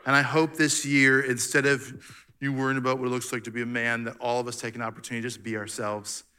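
A man's voice: medium pitch, little pitch movement, quick pace, sharp tone, smooth. A man leading a Father's Day church talk, playfully teasing the congregation with questions. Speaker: church speaker. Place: church hall.

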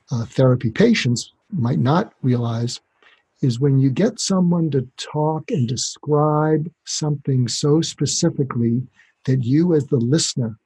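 A man guests on a podcast interview as a doctor, explaining things calmly and acting out short exchanges to demonstrate. His mid-range voice is husky, and the recording is rough.

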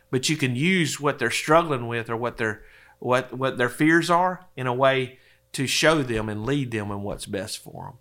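A man talks in a relaxed, folksy way. He tells stories and chuckles often. His voice sits at an ordinary middle pitch. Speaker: insurance advisor guest. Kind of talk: casual storytelling interview.

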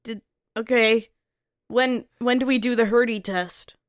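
A woman player in a casual tabletop game, excitable, joking and swearing. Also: a little high, a little slow, smooth. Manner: excitable, laughing banter.

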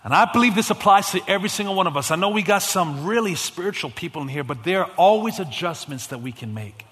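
Man, guest preacher, highish voice, casual slang, loud calls then hushed telling, long church reverb. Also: expressive, fast talker. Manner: swings from loud, fervent calls to hushed, low storytelling; casual, youthful slang and repetitions. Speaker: guest pastor. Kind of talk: sermon.

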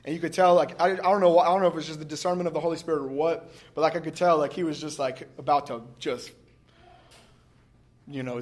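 Easygoing pastor, slightly high voice, rambling storyteller who laughs between lines. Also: male voice. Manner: conversational, laughing often, lots of filler "like". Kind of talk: casual sermon with storytelling.

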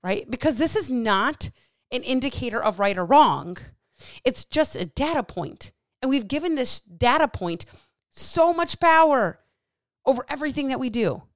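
A woman's voice: a little high, normal speed, no echo, clean studio sound. A woman hosting a solo podcast as a coach, talking bluntly with plenty of swearing and getting heated up. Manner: blunt, profane, fired-up; animated with hands.

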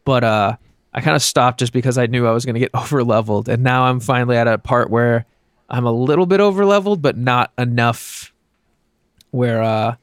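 A man's voice: medium pitch, brisk, smooth, no room sound, clean studio sound. A man co-hosting a podcast, talking casually and at length about a video game he is playing. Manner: laid-back, rambling gamer talk. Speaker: podcast co-host. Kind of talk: casual chat.

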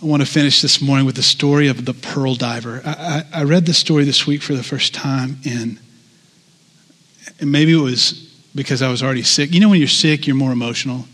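A male pastor gives a conversational sermon, often putting questions to the congregation. His voice is mid-range and fairly bright, heard with a big-room sound.

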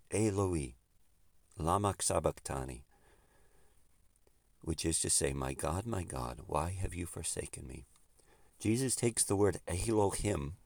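A man preaching a sermon, swinging between emphatic outbursts and hushed, quiet stretches. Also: low-pitched, dry recording, studio quality.

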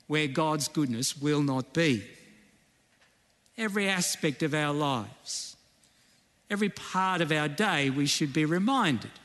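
Male pastor, casual sermon delivery, slightly high voice, church hall reverb. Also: fairly bright tone. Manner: conversational preaching, asks "right?" often.

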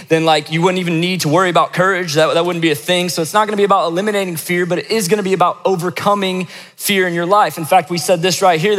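A man's voice: sits high, fairly bright tone. A young man preaching to a church crowd, telling a funny story in a casual, joking way and acting out the quotes. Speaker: pastor leading a church service. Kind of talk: sermon with storytelling. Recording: long hall reverb.

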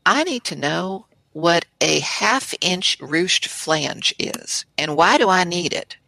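A woman's voice: lowish voice, animated, slow pace, gravelly, sharp tone, no room sound, voice pushed up, heavily acted, rough recording. A woman putting on a puzzled Southern client.

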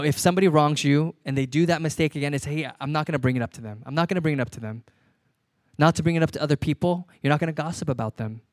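A man's voice: a little high, dry recording. A man in his thirties, a pastor preaching a conversational sermon and repeating key lines for emphasis.

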